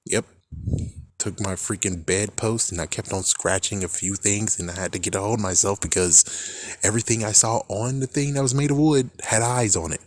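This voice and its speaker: Young male vlogger with a low voice and dry sound, rambling and cursing often. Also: normal speed, dry recording. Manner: swears a lot, laughs often, rambling. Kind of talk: casual rambling monologue.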